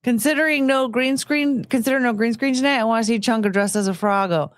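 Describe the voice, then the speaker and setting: A woman's voice: on the high side, quick pace, no room sound, clean studio sound. A woman live streamer chatting casually and rambling, often poking fun at herself and greeting her chat. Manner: rambling, self-mocking, greets chat in a sing-song lift.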